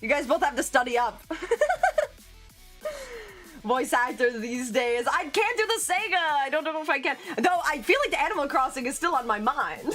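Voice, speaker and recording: A woman's voice: high voice, expressive, normal speed, fairly bright tone. A woman streamer chatting casually on a livestream, talkative and giggly, calling herself a yapper. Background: faint background music.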